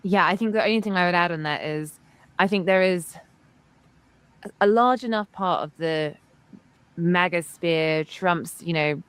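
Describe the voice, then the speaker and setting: A woman's voice: fairly low pitch, unhurried, long pauses, clean tone, no room sound. A woman co-hosting a political talk show, adding her own points fluently with frequent "you know"s. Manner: fluent, adds points with frequent 'you know'. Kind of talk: political commentary chat.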